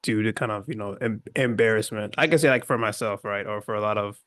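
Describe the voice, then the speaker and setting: An American man interviewing a guest in a relaxed, conversational way. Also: on the low side, fast talker, no room sound, studio quality. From United States. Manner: relaxed, brief affirmations.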